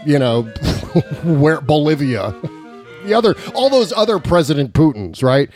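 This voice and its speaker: A man's voice: on the high side, lively intonation, a little slow, pauses often, a little mellow, soft background music. A man hosting a political talk podcast, chatting casually and sarcastically, laughing often as he reads out tweets in a mocking tone. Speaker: podcast host.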